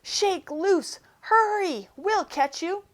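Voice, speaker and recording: A woman's voice: very high-pitched, animated, slow, pitched above the performer's own voice, heavily acted. A woman voicing a bossy little prairie dog leader in a storybook read-aloud, urgent and commanding.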